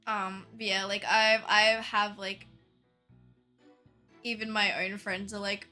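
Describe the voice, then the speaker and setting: Bright-voiced Australian woman chatting on stream. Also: mid-range voice, flat delivery, slow, pauses often, soft background music. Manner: chatty, fills talk with "like", laughs often. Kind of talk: casual livestream chat.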